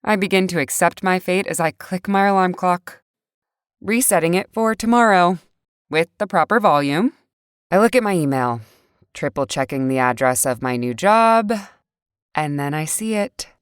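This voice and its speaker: A young woman reading a first-person story aloud, swinging between rage and quiet despair. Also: fairly low pitch, lively intonation, normal speed, smooth, no room sound, studio quality. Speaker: narrator. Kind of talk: first-person scripted narration. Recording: faint music bed.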